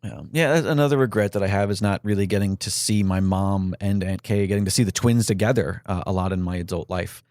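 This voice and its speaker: A man hosting a podcast, speaking from the heart in a halting, grieving monologue full of fillers and restarts. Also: sits low, a little mellow, dry recording, studio quality. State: grieving, voice catching. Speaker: podcast host.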